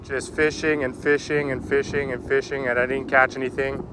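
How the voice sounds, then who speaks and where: With a noisy background behind him, a man fishes on a river bank and offers casual vlog commentary to his viewers. He calls them "boys" in a chatty, informal manner, speaking in a level, mid-range voice at a normal speed.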